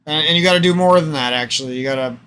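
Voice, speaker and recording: A man in a rambling, profane vlog monologue, with repeated phrases and a slightly hoarse voice. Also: a little high, racing, a bit bright, a little hiss or hum. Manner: profane, emphatic, repetitive, rambling. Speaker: vlogger. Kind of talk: unscripted ranting vlog monologue.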